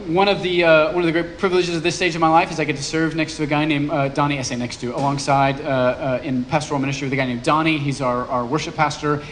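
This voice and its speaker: A man's voice: fairly high pitch, fairly bright tone, a little hiss or hum. A man, a pastor, preaching a sermon in a conversational, joking way, checking in with the congregation. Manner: conversational, playful asides to the congregation.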